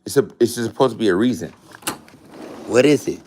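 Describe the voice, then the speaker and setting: A man's voice: fairly low pitch, expressive, fairly quick, darkish tone. A man who breeds dogs, ranting in a blunt, profane, boastful way and mocking his rivals. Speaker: dog breeder. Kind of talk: casual rant to camera.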